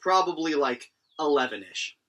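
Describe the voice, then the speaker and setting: Rambling young man with a bright voice. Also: a little high, lively intonation, moderate pace. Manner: rambling, lots of fillers and chuckles. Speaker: anime reviewer. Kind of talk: casual recap and review.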